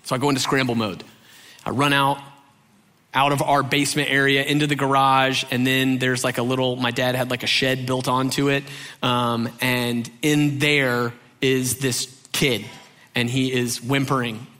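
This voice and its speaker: A man from Georgia, USA, telling a funny childhood story, acting out the quotes with big jumps in his voice. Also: moderate pace. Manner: animated, acts out quotes with big pitch jumps. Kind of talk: comic storytelling. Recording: long hall reverb.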